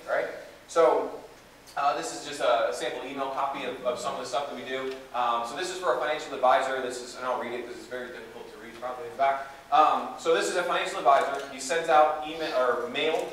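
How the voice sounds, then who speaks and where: A man giving a live seminar talk to an audience in a conference room, energetic and conversational with plenty of fillers and asides. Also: on the high side. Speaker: guest speaker. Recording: echoey room from far off, faint hiss.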